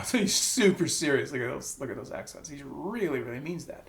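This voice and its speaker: A man's voice: a little high, expressive, brisk. A man giving a casual piano lesson, thinking aloud and stopping to sing notes and syllables. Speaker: piano teacher. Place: room with a piano. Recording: roomy room with piano playing.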